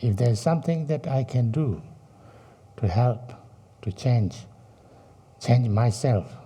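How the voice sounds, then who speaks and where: Slow, dark-voiced man teaching dharma. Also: mid-range voice, lively intonation, slightly rough. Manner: slow, halting, many fillers and rhetorical questions. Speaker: Buddhist teacher.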